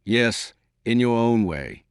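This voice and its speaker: A man reading the lines of a haughty, disdainful queen in an audiobook, in a lively voice. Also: mid-range voice, takes it slowly, clear, resonant tone, dry recording, clean studio sound. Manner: disdainful, imperious. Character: haughty proud queen, a grown woman.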